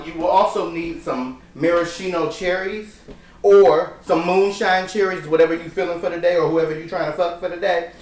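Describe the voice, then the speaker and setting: Man, cooking vlog host, sassy and profane, fairly high voice, roomy kitchen sound, mic set back. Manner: sassy, profane, campy storytelling. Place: home kitchen. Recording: echoey room, mic at a distance.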